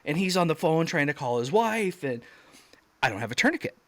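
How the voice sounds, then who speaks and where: A man guest on a video call telling a story in a casual interview, acting out quoted shouts with sudden jumps up in pitch. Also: sing-song, a little fast, no room sound.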